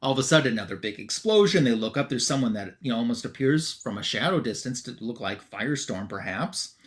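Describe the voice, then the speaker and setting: Male host at a mid pitch, chatty comic recap delivery with quick quoted asides. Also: expressive. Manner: retells scenes with filler words and quick quoted asides. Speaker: podcast host. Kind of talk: casual comic book recap.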